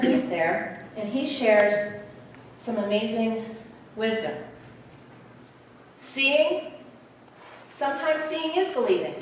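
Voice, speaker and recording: A woman guest speaker telling a story in a sermon, animated and swinging from loud to hushed, recorded far off in an echoey theater hall. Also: a little high, a little hiss or hum. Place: theater hall at a church service.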